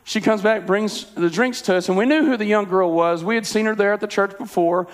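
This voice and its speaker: Young pastor, high voice, earnest conversational sermon, church hall reverb. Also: male voice, a little fast. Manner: earnest, conversational with filler words. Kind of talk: sermon storytelling and prayer. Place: church sanctuary.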